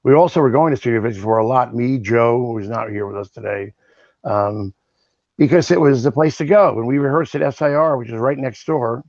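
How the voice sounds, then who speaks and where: A man's voice: mid-range voice, brisk, no echo. Man in his sixties telling stories over a dull line. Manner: animated, acts out voices in his stories. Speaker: guest, original cast member. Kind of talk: anecdotal storytelling.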